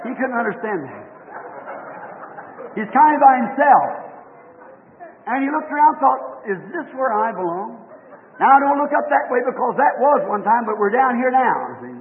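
High-voiced man preaching on an old tinny recording. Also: in a large hall. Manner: fervent preaching, rising to shouts. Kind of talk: sermon.

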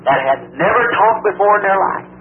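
A woman's voice: mid-range voice, expressive, fairly quick, slight background noise, voice pushed up, lightly acted. A man preacher voicing a polite young blind woman searching for her lost father, in a raised, pleading voice on a tinny old recording. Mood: earnest. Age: young adult.

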